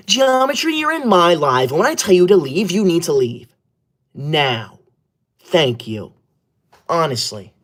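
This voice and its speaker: Tyler, a man playing a touchy young streamer. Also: on the high side. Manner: indignant, scolding, keeps voice hushed. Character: touchy bossy young male livestreamer, easily offended. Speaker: livestreamer. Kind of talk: comedy skit of a live stream. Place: indoor room upstairs, away from home.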